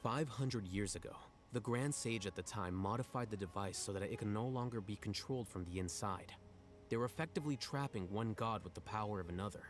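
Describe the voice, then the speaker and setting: Aloof male scholar for game dialogue, played by a man, lowish, even and matter-of-fact. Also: faint music behind, close to an everyday voice. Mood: explaining. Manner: measured, dry and composed.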